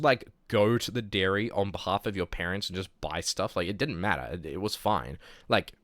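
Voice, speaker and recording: Rambling New Zealand man, smooth voice. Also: sits low, a bit bright, dry recording, clean studio sound. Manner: rambling, full of filler words. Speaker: streamer. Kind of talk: casual chat storytelling.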